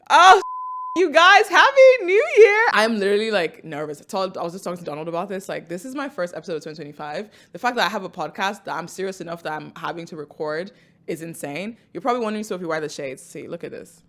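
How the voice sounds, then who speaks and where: A woman in her twenties, from Nigeria, hosting a podcast in a loud, excitable, chatty way with frequent laughter. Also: on the low side, fast. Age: 20s. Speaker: podcast host. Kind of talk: casual podcast chat.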